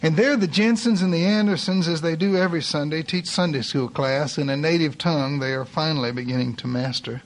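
A man delivers a sermon as a dramatic story, his voice sitting a little high for a man. He preaches with passion, swelling into loud cries and then dropping to hushed lines. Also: fairly quick, few pauses.

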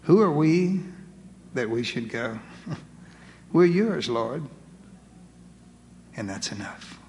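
A man's voice: fairly high pitch, lively intonation, slow, darkish tone. A man preaching a sermon with earnest, dramatic, pleading delivery, leading a closing prayer. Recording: reverberant hall, faint background noise.

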